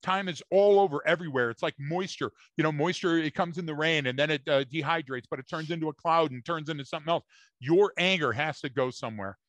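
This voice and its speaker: A man in casual podcast talk, co-hosting and telling anecdotes with emphatic repeats. His voice is slightly high and bright. The sound is close and dry. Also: fast talker, dry recording. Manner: emphatic, storytelling, repeats words. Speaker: podcast co-host.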